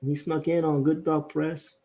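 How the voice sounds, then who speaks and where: A man's voice: fairly high pitch, monotone, unhurried, dark tone. A man hosting a casual live stream, joking around and reading viewer comments aloud. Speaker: stream host.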